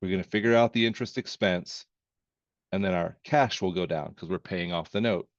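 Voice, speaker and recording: A man teaching accounting in a relaxed lecture, walking through problems step by step with folksy jokes and asides. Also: deep voice, a little fast, no echo. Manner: folksy and joking, with verbal asides. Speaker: accounting instructor. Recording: dry, slightly dull screen-recorded voice.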